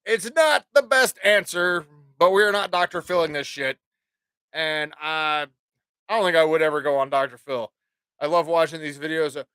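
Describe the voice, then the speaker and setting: Bright, profane man rambling on his podcast. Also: fairly high pitch, normal speed, smooth, no echo, studio quality. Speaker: podcast host. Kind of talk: casual rambling monologue.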